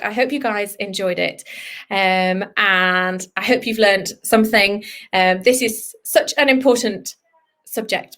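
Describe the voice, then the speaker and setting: A woman, a vet, giving a chatty, animated live online lesson for children over a video call. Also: medium pitch. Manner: animated, chatty, acts out dog voices. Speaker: vet teaching kids.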